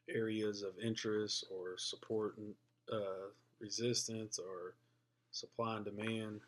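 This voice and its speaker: A man with a somewhat low voice walks through a screen-share tutorial in a relaxed, informal way. He fills pauses with "uh" and keeps checking in with "right?". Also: a little hiss or hum. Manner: explains informally, with frequent "uh" and "right?". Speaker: trading tutorial presenter.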